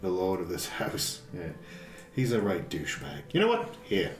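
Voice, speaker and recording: A man's voice: low-pitched, sing-song, normal speed, echoey room, music in the background. A man playing a tabletop game, talking in character in a playful way. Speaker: player. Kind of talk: tabletop role-play.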